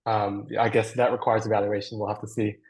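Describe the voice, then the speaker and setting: A man with a slightly husky, breathy voice answers audience questions on a video call. He thinks aloud as he goes, hedging and restarting with plenty of fillers. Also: fairly low pitch, level tone, fairly quick, darkish tone, poor audio. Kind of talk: online Q&A after a technical talk.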